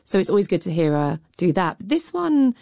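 A woman's voice: lowish voice, big pitch swings, a little fast, creaky, mellow, no room sound, clean studio sound. A woman critic on a radio arts show, frank and wry, with fillers. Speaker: critic and cultural commentator.

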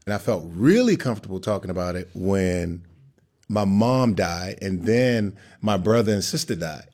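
Man, pro athlete guest, halting delivery, very deep voice. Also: animated, darkish tone. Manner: halting, repeats phrases. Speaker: guest, pro football player. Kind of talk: candid interview answers.

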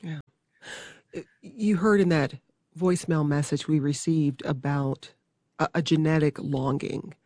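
Measured public radio host, dry studio sound. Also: medium pitch, fairly even intonation, darkish tone, no room sound. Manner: measured, clear, inviting questions. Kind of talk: public radio interview hosting.

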